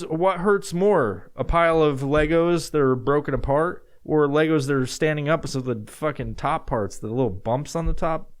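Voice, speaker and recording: Rambling, profane podcast guy. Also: medium pitch. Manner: profane, rambling, jumps into loud acted-out shouts. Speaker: podcast host answering listener questions. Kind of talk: casual solo podcast chat.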